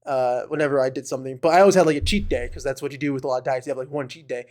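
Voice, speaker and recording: A man's voice: medium pitch, fairly even intonation, racing, a little mellow. A man co-hosting a podcast in casual chat, rambling with fillers and flaring into mock outrage. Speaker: podcast co-host.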